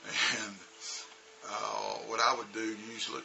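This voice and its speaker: A man's voice: lowish voice, little pitch movement, a little slow, gravelly, noisy background. A man, an English teacher, telling a casual, rambling story full of "you know" and "uh". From United States.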